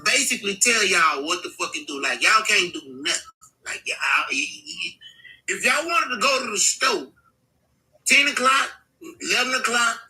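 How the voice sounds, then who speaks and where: Brash high-voiced man cracking jokes. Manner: loud, brash, profane banter. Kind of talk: casual live panel chat.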